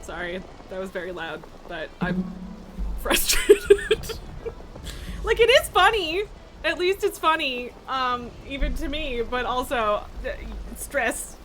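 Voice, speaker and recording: A woman's voice: fairly high pitch, animated, unhurried, sharp tone, faint music behind. A woman live-streaming in casual chat, laughing often, swearing and scolding her pet from her home streaming room.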